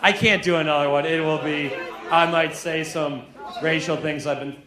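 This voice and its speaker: A male stand-up comedian on stage, his voice sitting a little high for a man. He delivers his lines in a deadpan, mock-serious way and keeps breaking into laughter. The room is echoey, with a noisy, laughing crowd behind him. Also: normal speed. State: drunk. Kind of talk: live stand-up set. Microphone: handheld stage mic. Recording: roomy live club recording with crowd noise. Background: audience laughter.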